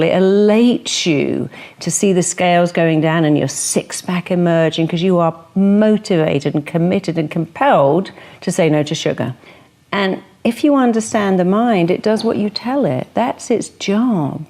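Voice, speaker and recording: A woman's voice: lowish voice, warm tone. A woman telling stories in an interview, acting out the voices of the people she quotes. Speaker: hypnotherapist guest. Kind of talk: motivational interview talk.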